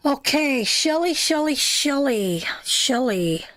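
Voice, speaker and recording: A high-pitched, expressive woman speaks slowly with a fairly bright tone, recorded without room sound. Running a live tarot reading, she calls her viewers sweetheart and my darling and emphatically repeats phrases over and over.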